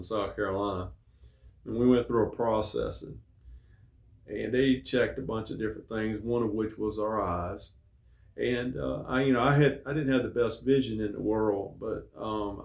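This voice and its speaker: A man's voice: lowish voice, creaky, a little mellow. A middle-aged man, host of his own show, telling a rambling personal story in a folksy, casual way with many fillers. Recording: echoey room.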